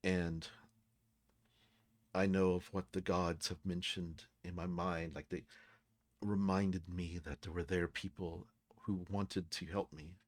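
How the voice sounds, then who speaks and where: A man voicing a redeemed ancient hero in a tabletop game, asking gentle, probing questions. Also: deep voice, little pitch movement, slow pace, no room sound. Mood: wistful.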